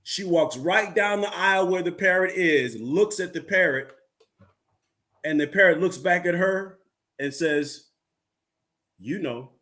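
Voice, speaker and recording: A man's voice: sits high, a little slow, bright, forceful tone. Playful joke-telling man, podcast co-host. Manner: playful storyteller with corny jokes. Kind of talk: casual chat and joke telling.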